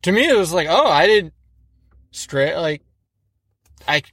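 A man from the Midwest hosts a casual chat, excitable and meandering, with plenty of fillers and cursing. His voice sits a bit higher than most men's. The sound is dry and close-miked. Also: a little slow, no room sound. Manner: excitable, rambling, lots of fillers and swearing. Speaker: podcast host. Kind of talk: casual podcast interview.

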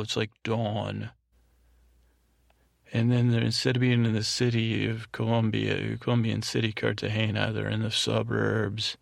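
A man's voice: on the low side, creaky, dry recording, studio quality. A man hosting a bedtime podcast, recapping an episode in a meandering way with fillers and restarts. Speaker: podcast host.

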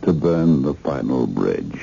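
A gravelly, urgent government man. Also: extremely low pitch, big pitch swings, slow pace, warm tone, soft background music, exaggerated voice. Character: anxious male government man. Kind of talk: 1970s radio drama acting. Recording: dull lo-fi radio recording.

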